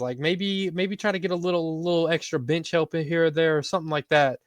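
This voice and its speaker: A man's voice: a little high, fairly even intonation, brisk, few pauses, no echo. A man co-hosting a casual sports talk show, rambling through his basketball takes in a laid-back way. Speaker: podcast co-host.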